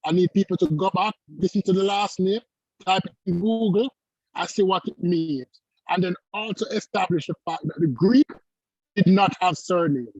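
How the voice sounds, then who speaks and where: A man with a Caribbean accent gives a quick, earnest statement as a call-in guest. His voice is high and husky, and it sounds dry and dull over the remote connection. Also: a little mellow, dry recording. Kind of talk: prepared statement on a livestream.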